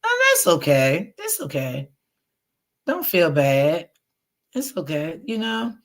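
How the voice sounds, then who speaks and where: A middle-aged woman hosting a casual livestream, chatting warmly and reading out viewer comments. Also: low-pitched, huge pitch swings, slow. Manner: chatty, talks straight to viewers. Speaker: livestream host.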